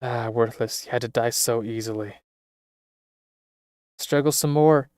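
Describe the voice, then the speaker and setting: A man's voice: mid-range voice, measured pace, darkish tone, clean tone, no room sound, close to an everyday voice. Man doing a sneering game villain, cruel, taunting, dry close sound. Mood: contemptuous. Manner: taunting, contemptuous. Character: cruel sneering male death-game host.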